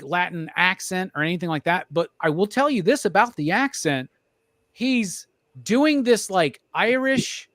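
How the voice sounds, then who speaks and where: A man hosting a podcast, talking excitedly and profanely in a rambling film review. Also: high voice, no echo, clean studio sound. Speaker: podcast host. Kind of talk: casual film review chat.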